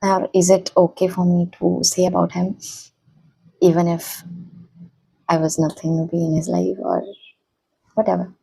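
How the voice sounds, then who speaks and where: Soft, hesitant young woman with gravelly husky voice. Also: lowish voice, level tone, low-quality recording. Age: young adult. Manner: soft-spoken, hesitant, halting. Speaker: vlogger, college student. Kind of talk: personal reflective vlog.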